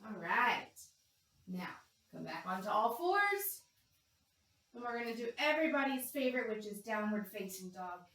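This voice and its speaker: A woman leading a yoga class for young children, talking them gently and playfully through animal poses and animal sounds. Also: medium pitch, big pitch swings, moderate pace. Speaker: kids yoga instructor. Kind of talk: guided kids yoga class. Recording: echoey room, distant from mic.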